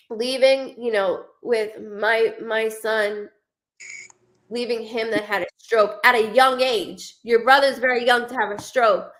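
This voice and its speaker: Chatty woman medium, quick asides. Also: a little high. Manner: chatty, quick asides, quotes the spirit in first person. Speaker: psychic medium. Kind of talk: live medium reading.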